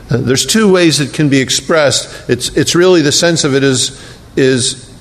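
A middle-aged male pastor preaching a sermon, moving between raised, emphatic declarations and low, hushed, tender passages. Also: lively intonation, moderate pace. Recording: long hall reverb, faint rumble.

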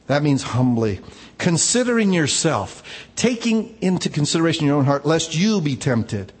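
A man's voice: fairly high pitch, big pitch swings, moderate pace, darkish tone, breathy edge, big-room sound. A male pastor preaching a conversational sermon, telling personal stories in a casual, informal way. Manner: informal, personal storytelling, frequent "man" asides.

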